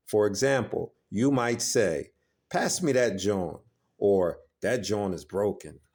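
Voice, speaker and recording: Man, slightly low voice, upbeat English teacher, scripted lesson. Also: darkish tone. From Philadelphia, USA. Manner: upbeat, explanatory, acts out sample phrases.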